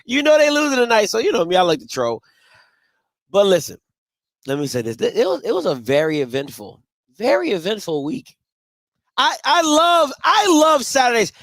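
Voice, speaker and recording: A man's voice: high voice, huge pitch swings, moderate pace, pauses often, a bit bright, no echo. A man hosting a casual live postgame sports show from home, talking in a playful, trash-talking way and repeating himself for emphasis. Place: home, green screen behind him.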